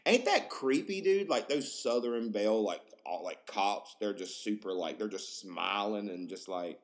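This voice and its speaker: A young man with a low voice hosts a podcast in loose, rambling chat, cursing constantly. His pitch jumps around animatedly as he gets worked up, and his delivery is excitable and unfiltered. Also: measured pace, few pauses. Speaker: podcast host.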